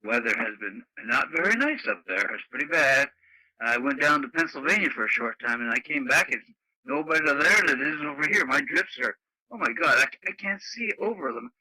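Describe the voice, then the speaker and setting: A man chats on a radio net, rambling and folksy with exclamations. His voice is very bright and sharp. The sound is close and dry. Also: fairly high pitch, lively intonation, brisk, husky, no echo, low-quality recording. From Canada. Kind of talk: casual radio chat.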